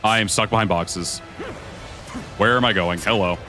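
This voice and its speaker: A man's voice: lowish voice, moderate pace. A man casually commentating his own gameplay on a live stream, rambling, swearing and chatting with viewers. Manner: relaxed, rambling, swears freely, talks to chat. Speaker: gaming streamer. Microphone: desk microphone. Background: game music.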